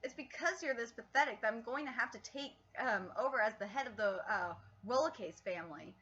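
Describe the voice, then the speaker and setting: A woman's voice: on the high side, fairly quick, sharp tone, slightly rough, voice pushed down. A woman reading the lines of a smug, arrogant young male noble in a sneering, condescending way. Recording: lo-fi stream audio.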